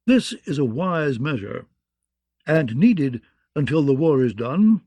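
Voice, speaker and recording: A man voicing an agreeable, flattering lord of the council. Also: on the high side, takes it slowly, no room sound, exaggerated voice.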